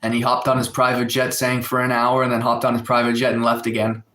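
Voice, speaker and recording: A man's voice: mid-range voice, monotone, fast talker, sharp tone. Casual male livestreamer, mid-range voice, loose filler-heavy chat, roomy echo. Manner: rambling, filler-heavy storytelling, reads chat aloud. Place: indoors at home, in a room with a window. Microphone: phone.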